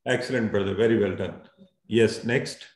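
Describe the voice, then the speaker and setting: A man's voice: fairly low pitch, moderate pace, reverberant. A man teaching an Arabic grammar class online, patiently explaining and calling on students. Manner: patient, drills students, calls on them by name.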